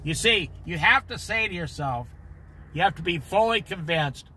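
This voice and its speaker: A man's voice: high-pitched, expressive, moderate pace, pushed and bright, slightly rough, dry recording. A man leading an informal Bible study, preaching emphatically and talking straight to his listeners.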